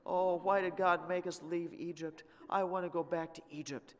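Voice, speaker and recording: A man's voice: high voice, fairly even intonation, moderate pace, pitched above the performer's own voice, lightly acted. A man doing a whiny grumbling wanderer. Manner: whining, sing-song complaining. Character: whiny grumbling Israelite man, sick of manna. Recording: long reverb of a church hall.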